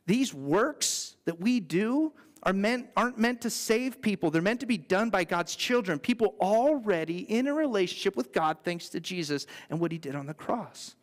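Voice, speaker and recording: A man's voice: high-pitched, expressive, moderate pace. A man, the pastor, preaching a sermon in an earnest, conversational way with playful asides. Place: church sanctuary. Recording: long reverb in a church hall.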